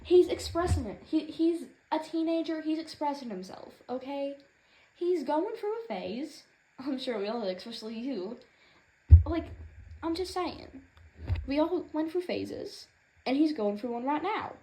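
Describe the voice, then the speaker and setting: A woman's voice: high voice, expressive, a little slow, mellow, poor audio. A woman doing a comedic in-character rant as a proud mother, sassy and rambling, indignant on her son's behalf. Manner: sassy, rambling, indignant, with Southern-style turns of phrase. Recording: noticeable background noise.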